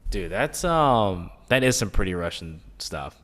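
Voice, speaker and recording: Brief: male podcast co-host, low voice, lively swings in pitch, teasing banter, reverberant room. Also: unhurried. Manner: teasing, joking. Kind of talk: casual chat.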